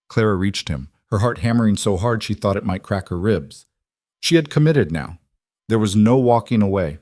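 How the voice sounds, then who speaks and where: Low-voiced man narrating a drama. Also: lively intonation, moderate pace, a little mellow, dry recording, studio quality. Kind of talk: scripted narration.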